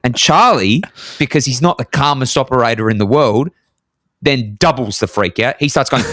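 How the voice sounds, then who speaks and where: A man, telling a lively story in casual podcast chat, his voice leaping up high for emphasis. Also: normal speed, no room sound, clean studio sound. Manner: animated, jumps high in pitch for emphasis. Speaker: podcast co-host. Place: apartment in Scotland.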